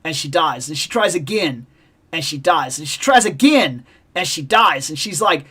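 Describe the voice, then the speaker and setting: A woman hosting a toy collecting vlog, telling a lively, opinionated story about a video game and acting out its sounds. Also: low voice, normal speed, slightly rough. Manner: animated, acts out game sounds and voices; passionate, opinionated about games. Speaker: toy collecting channel host.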